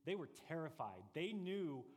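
A man preaching a sermon as pastor, earnest and deliberate, pressing his points with rising emphasis. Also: a little high, very animated, long reverb tail.

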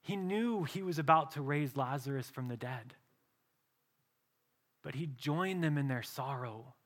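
A male pastor preaching a sermon earnestly, often dropping to a soft, slow voice for emphasis. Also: mid-range voice.

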